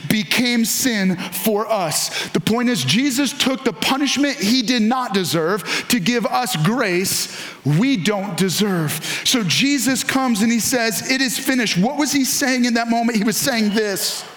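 An earnest male pastor preaching with a notably high-pitched voice. He drives his points home with emphasis, slowing down and repeating key lines for weight. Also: expressive, a bit bright. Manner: earnest, emphatic preaching with dramatic slowdowns and repetition. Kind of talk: sermon.

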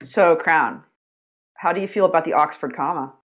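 Excitable swearing woman co-host. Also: deep voice, moderate pace, muffled recording. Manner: animated, swears freely, exaggerated outrage. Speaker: podcast co-host. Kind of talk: casual chat.

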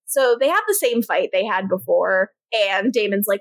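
A woman co-hosting a podcast, casually recapping episodes, laughing often, swearing and quickly quoting characters. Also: medium pitch, no room sound. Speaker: podcast co-host.

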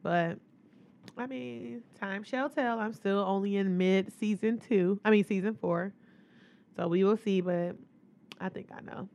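A woman's voice: medium pitch, measured pace, vocal fry, a little mellow. A woman co-hosting a podcast in loose, profane casual chat, laughing often as she retells stories. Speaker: podcast co-host.

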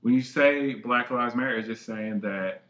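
A man's voice: mid-range voice, normal speed, fairly bright tone. A man co-hosting a casual chat, emphatic and slangy with plenty of swearing. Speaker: podcast co-host. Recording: echoey room.

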